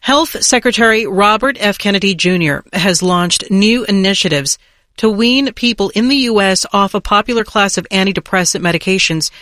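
A woman newscaster reading a national news bulletin in a crisp, measured way. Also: medium pitch, fairly bright tone, no room sound, clean studio sound.

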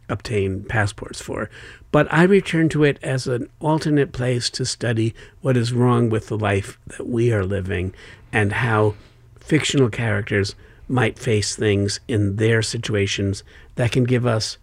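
A man's voice: lowish voice, gravelly, dry recording. An older man, an author being interviewed, talking in a thoughtful, wry and expansive way. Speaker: author guest. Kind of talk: conversational interview.

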